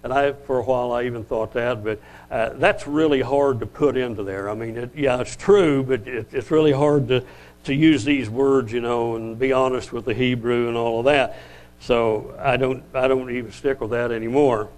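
An older man giving a conversational Bible-teaching sermon, often restarting sentences and slowing down to read scripture. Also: medium pitch, steady tone, darkish tone, poor audio. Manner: rambling, self-correcting, conversational; slows down to read scripture aloud. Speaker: lay preacher.

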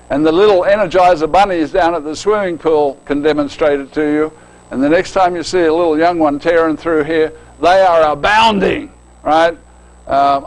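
A man's voice: a little high, poor audio. An older man preaching a sermon in a folksy, joking way, often checking in with his listeners.

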